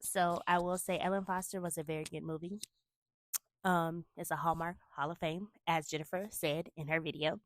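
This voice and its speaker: A woman hosting a casual movie review, chatty and animated as she retells scenes with emphatic asides. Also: lowish voice, normal speed, no room sound.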